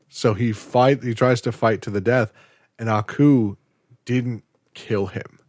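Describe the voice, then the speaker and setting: A man hosting a podcast, retelling an episode in a casual, animated storytelling way. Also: mid-range voice, slow pace, dry recording, studio quality. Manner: animated storytelling, acting out quotes. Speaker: podcast host.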